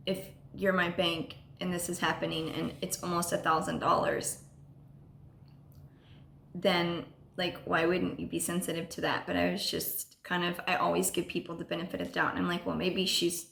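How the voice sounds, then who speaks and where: A woman telling a personal story on a vlog, halting and full of ums and restarts. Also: lowish voice, creaky, a bit bright, echoey room, a little hiss or hum. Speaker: vlogger.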